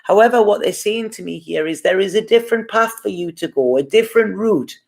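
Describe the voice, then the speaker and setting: A Geordie woman talks through a tarot spread in a loose, chatty way. She reassures her listeners and often checks in with an "okay?" Her voice sits at an ordinary middle pitch. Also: fairly quick, vocal fry, a little mellow. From Gateshead, North East England. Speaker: tarot reader. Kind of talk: casual live tarot reading.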